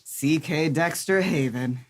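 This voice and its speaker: A woman reading a proud, sharp-tongued socialite. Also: sits low. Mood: wry. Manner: slow, reads punctuation marks aloud. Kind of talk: script table read.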